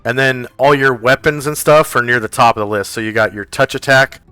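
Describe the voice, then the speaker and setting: A man running a tabletop game as game master, narrating the scene and explaining rules in a casual, halting way full of fillers. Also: medium pitch, bright, forceful tone, clear, resonant tone, dry recording, faint music behind.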